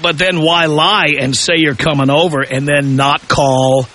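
A man's voice: fairly high pitch, steady tone, unhurried, sharp tone, rough recording. A man hosting a call-in radio talk show, asking provocative questions with heavy emphasis.

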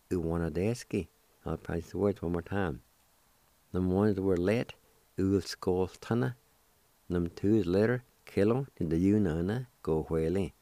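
A middle-aged man hosting a radio language lesson, patiently spelling out letters one by one and repeating each word slowly. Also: low voice, mellow, no echo. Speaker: radio host teaching the language.

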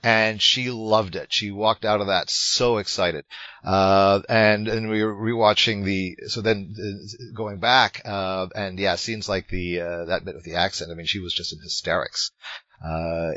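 Halting man with a low, muffled voice. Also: steady tone, sharp tone, no echo. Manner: halting, many fillers and restarts. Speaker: podcast co-host. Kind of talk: casual film discussion. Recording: dull lo-fi sound.

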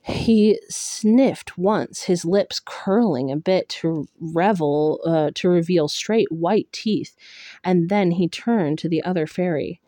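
A woman narrates a first-person novel in a measured, steady reading. Her voice is lowish and mellow, the pace slow, and the sound dry and close with no room. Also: no echo. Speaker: audiobook reader.

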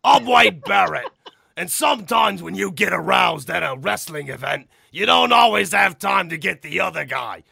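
A man doing a shouty wrestler ad pitch. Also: animated, moderate pace, gravelly, breathy edge, heavily acted. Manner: shouted ad-read delivery. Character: loud male wrestler hosting a mock commercial.

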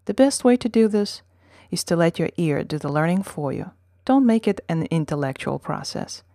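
A woman hosting a language-learning podcast, reading a scripted lesson in a measured, explanatory way and modelling sample words. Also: on the low side, expressive, warm tone, no echo, studio quality.

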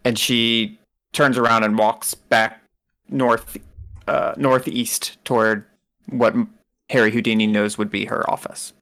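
Casual man game master, rambling, chuckling, mid-pitched. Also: level tone, a little slow, fairly bright tone. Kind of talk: narrating a tabletop game.

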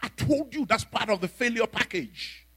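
A spiteful evil spirit mocks the woman it holds, as voiced by a man preaching, with a husky, swinging voice. Each line is scornful and gloating. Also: very high voice, animated, normal speed, pushed and bright, voice pushed up, exaggerated voice. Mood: taunting. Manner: taunting, scornful.

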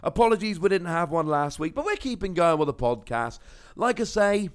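Lively chatty Cornish podcast host. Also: male voice, sits high, a little fast, smooth. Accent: British English. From Cornwall, England. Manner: chatty, rambling storyteller with asides. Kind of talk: casual solo podcast monologue.

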